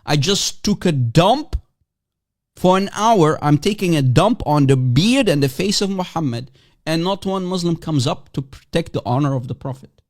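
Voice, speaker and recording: Male stream host, taunting and playful, fairly high voice that swings widely. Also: expressive, normal speed, a little mellow. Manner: mocking and provocative, repeats and teases. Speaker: livestream host. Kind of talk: casual livestream chat taking guests.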